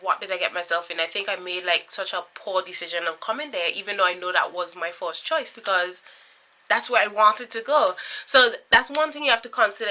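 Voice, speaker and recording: A young woman in her twenties with a Caribbean accent, chatting to camera in an animated, storytelling way. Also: mid-range voice. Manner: animated, chatty, full of filler likes and dramatic quoted reactions. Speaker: vlogger.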